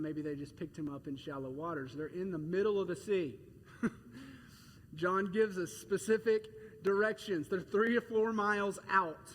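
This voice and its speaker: A man preaching a sermon as pastor, conversational and animated, telling stories with quick laughs. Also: sits high, a little hiss or hum. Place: church auditorium. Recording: echoey hall with faint ambience.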